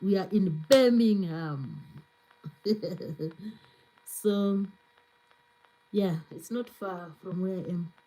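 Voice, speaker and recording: A woman's voice: mid-range voice, drawn-out words, long pauses, mellow, poor audio. A woman hosting a live stream, chatting casually and reading out viewer comments to answer them. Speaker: cooking channel host on a live stream.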